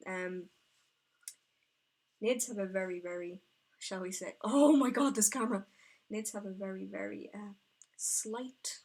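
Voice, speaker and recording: A woman of medium pitch chatting casually while she paints at her desk on a live stream. She rambles from thought to thought with excitable bursts and talks to herself as she works. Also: a little slow, pauses often.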